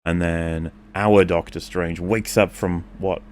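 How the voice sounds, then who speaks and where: A man with a lowish voice talks through a film plot in a casual chat. He hesitates often, stacking ums and uhs and restarting his sentences. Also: fairly even intonation, slow, darkish tone, slight background noise. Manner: hesitant, many fillers and restarts. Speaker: stream panelist reviewing a film.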